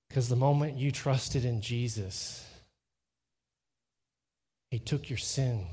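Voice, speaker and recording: A middle-aged man preaching a sermon, telling a family story with lively quoted dialogue and slowing down to stress key lines. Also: fairly low pitch, slightly rough. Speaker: pastor.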